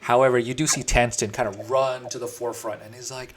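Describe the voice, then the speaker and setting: A man's voice: mid-range voice, flat delivery, fast talker, few pauses. A man runs a tabletop game, describing scenes in a loose, easygoing way. He rambles a little, stopping and restarting mid-thought and filling gaps with ums. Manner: casual, rambling narration with many fillers. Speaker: dungeon master.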